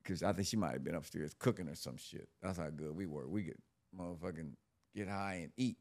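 A middle-aged man tells his story in a relaxed, profanity-laced street manner. His voice sits very low with a gravelly edge of fry. He talks casually to an interviewer. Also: fairly quick. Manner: profane, laid-back street talk. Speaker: interview guest.

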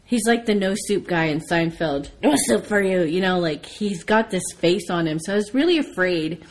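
An American woman chatting casually, telling a lively story and swearing freely. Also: lowish voice, moderate pace. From United States. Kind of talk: casual chat.

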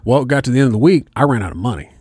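A man's voice: mid-range voice, very fast, breathy edge, dry recording. A man telling a story in loose, casual chat, swearing freely as he goes. His voice sits in a middling range and comes through close and dry, with no room sound around it. He is from Indiana. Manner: profane, animated storyteller.

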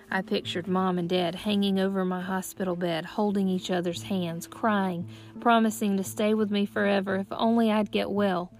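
A woman reading a first-person children's story aloud in a measured storytelling voice. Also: medium pitch, level tone, soft background music. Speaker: audiobook narrator. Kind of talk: scripted first-person narration.

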